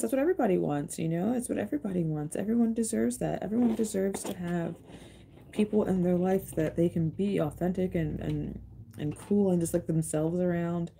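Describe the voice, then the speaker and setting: Woman, low voice, casual livestream chat, rambling, emotional, restarts often. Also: vocal fry, dark tone, a little hiss or hum. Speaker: livestream host and tarot reader.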